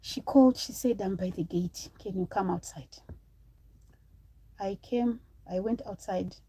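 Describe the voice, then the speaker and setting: A woman's voice: medium pitch, unhurried, mellow, breathy edge, rough recording. A woman from Zimbabwe in her thirties, chatting on a live stream, telling a personal story to viewers and breaking off to thank supporters.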